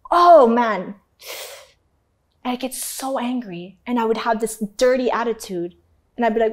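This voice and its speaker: A woman's voice: mid-range voice, normal speed. A woman from Canada, a guest in an interview, telling a painful personal story with feeling, swearing casually and acting out the people she quotes. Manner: animated, acts out quoted voices, swears casually.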